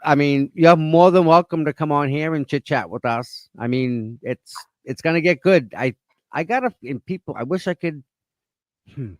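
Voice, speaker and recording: A man's voice: a little high, normal speed, dry recording, clean studio sound. A man hosting a live stream, talking in a laid-back, teasing casual chat. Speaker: stream host.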